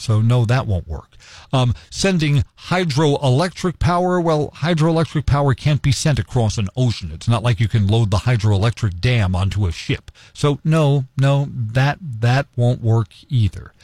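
A man's voice: medium pitch, darkish tone, no echo, studio quality. A man giving a casual, wry explainer monologue with folksy asides. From United States. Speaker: commentator.

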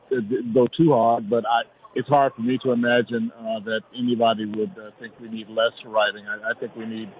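Man on a tinny phone line. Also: medium pitch. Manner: hesitant, restarts often. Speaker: guest columnist. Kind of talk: interview answers.

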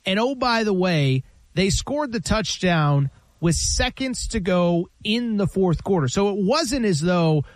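A man hosting a sports talk show, running through scores and stats in a brisk, emphatic way. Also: high voice, lively intonation, no echo.

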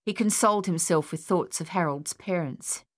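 A woman narrating an audiobook in a steady storytelling manner. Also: fairly low pitch, moderate pace, no echo, clean studio sound.

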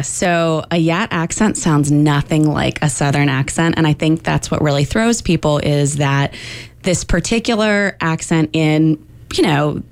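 A woman linguist, a young adult, explaining in a radio interview with frequent fillers. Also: low voice. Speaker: linguist guest.

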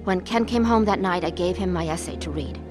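A woman's voice: on the low side, a little fast, music in the background, lightly acted. A woman telling an earnest life story. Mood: somber. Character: troubled adult woman in emotional pain. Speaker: narrator and main character. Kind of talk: dramatized testimony with first-person narration.

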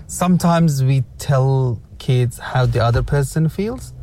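A man's voice: medium pitch, dark tone, slight background noise. A man hosting a casual discussion, guiding the others with encouraging advice and frequent repeats. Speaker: host.

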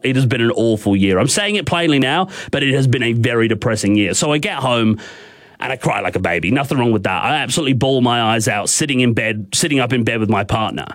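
A man's voice: mid-range voice, fairly bright tone. Young Australian man, radio host, candid and rambling, fillers and restarts, mid-range voice. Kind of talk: candid on-air storytelling.

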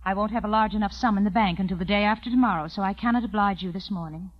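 An actress playing a dignified widow who speaks in a cool, formal and firm manner. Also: female voice, mid-range voice, racing, muffled recording, natural voice. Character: proud dignified young widow, ranch owner.

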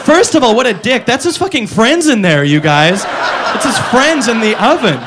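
High, animated male stand-up comic. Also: normal speed. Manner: animated, jumps into silly voices for his bits. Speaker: stand-up comedian. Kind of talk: stand-up comedy routine. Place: comedy club stage with a live crowd. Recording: noisy live club recording with crowd.

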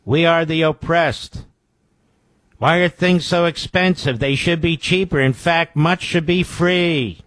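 A man voicing a smug, self-righteous young male leftist activist in a slow, mocking sing-song, with a dry studio sound. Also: on the high side, fairly bright tone, no echo.

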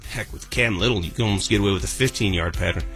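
A man's voice: fairly low pitch, quick pace, a bit bright, faint music behind. A man co-hosting a casual sports talk show, matter-of-fact and teasing.

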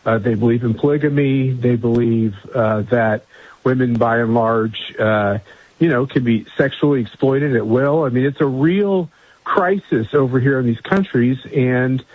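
A man giving a radio interview as a guest from a remote line, speaking earnestly and measured, with many fillers and restarts. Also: medium pitch, husky, no room sound. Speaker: guest, conservative group chairman. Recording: dry, dull remote line.

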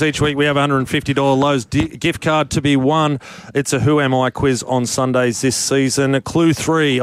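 An Australian man hosting a live sports radio show, chatting and reading sponsor lines quickly. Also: mid-range voice, clear, resonant tone. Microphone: studio microphone.

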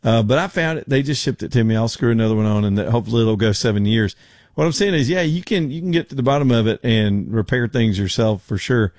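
A man's voice: mid-range voice, quick pace, a little mellow, dry recording, clean studio sound. A man hosting a home improvement radio show, telling stories in a rambling, folksy way. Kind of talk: casual talk radio.

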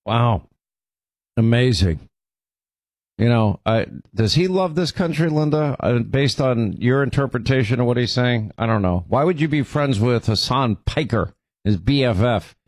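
A man's voice: mid-range voice, lively intonation, unhurried, no echo, clean studio sound. A man hosting a political commentary show, talking conversationally with a sarcastic edge. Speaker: host.

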